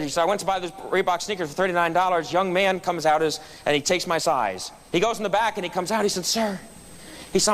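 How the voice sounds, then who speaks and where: A man giving a storytelling speech at a club meeting, acting out the voices of people in his anecdotes. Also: high-pitched. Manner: animated storyteller acting out quotes. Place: meeting room.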